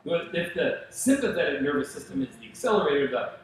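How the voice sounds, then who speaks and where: A male pastor preaching a sermon, telling stories in an animated way and acting out the voices of the people he quotes. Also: on the high side, quick pace, heavy reverb, a little hiss or hum, low-quality recording. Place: church sanctuary.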